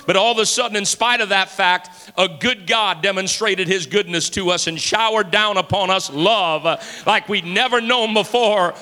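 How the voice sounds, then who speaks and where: A man's voice: high voice, moderate pace, few pauses, bright, forceful tone. A pastor in his forties preaching a sermon with passion, repeating phrases for emphasis. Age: 40s. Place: church sanctuary. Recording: long hall reverb.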